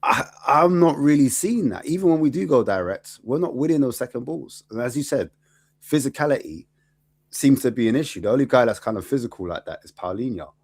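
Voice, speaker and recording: A man co-hosts a casual football chat show. His pitch swings widely as he talks, he drops in street slang, and he acts out what fans and friends said. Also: lively intonation, fairly quick, a little mellow, breathy edge. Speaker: co-host and fan pundit.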